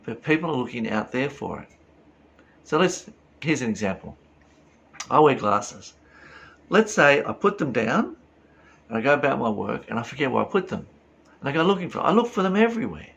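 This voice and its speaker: Man giving gravelly spiritual talk. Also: mid-range voice, very animated, normal speed, long pauses, fairly bright tone, muffled recording. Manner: earnest, rhetorical questions, tells anecdotes. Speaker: spiritual teacher.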